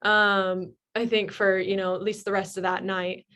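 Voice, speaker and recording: A woman's voice: medium pitch, little pitch movement, moderate pace, sharp tone. Candid young woman sharing her story. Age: young adult. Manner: candid, emotional, many fillers. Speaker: guest sharing recovery story. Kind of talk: personal testimony.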